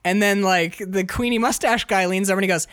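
A man's voice: high-pitched, a little fast, smooth, no room sound, studio quality. A man co-hosting a casual podcast, riffing on a film with lots of swearing and laughter, acting out lines from scenes. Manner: animated, profane, laughs often, quotes scenes in voices. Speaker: podcast co-host. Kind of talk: casual movie-riff chat.

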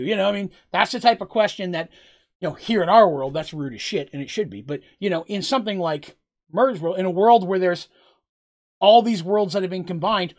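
A man's voice: high-pitched, animated, a little fast. A man running a tabletop game, rambling casually with lots of fillers and frequent laughs as he narrates and answers questions. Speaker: game master.

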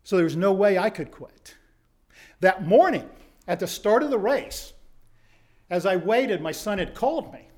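High-voiced man telling a dramatic story. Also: lively intonation, a little slow, long pauses. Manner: dramatic storyteller, swings from hushed to shouting. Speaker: motivational speaker. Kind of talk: storytelling speech to a live audience.

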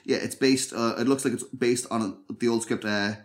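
A man's voice: mid-range voice, fairly even intonation, normal speed. A man co-hosting a podcast, talking things over in a thoughtful, hesitant way with many restarts. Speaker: podcast co-host. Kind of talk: casual chat.

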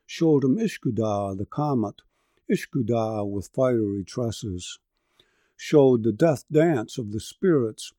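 A man narrating a long narrative poem in a measured, rhythmic verse delivery. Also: mid-range voice, dark tone, no room sound. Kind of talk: narrative poetry reading.

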